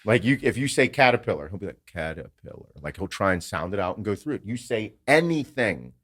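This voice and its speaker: A man's voice: on the low side, a little fast, no room sound, clean studio sound. A man hosting a podcast, telling family stories in casual chat, swearing often and acting out what others said. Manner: animated storytelling, swears a lot, acts out quotes. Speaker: podcast host.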